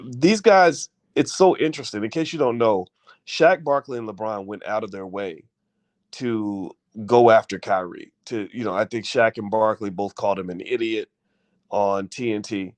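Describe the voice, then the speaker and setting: A man's voice: on the low side, normal speed, no room sound. Fired-up man ranting to his viewers. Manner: passionate, repetitive, rhetorical questions to viewers. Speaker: channel host. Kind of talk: opinion commentary rant.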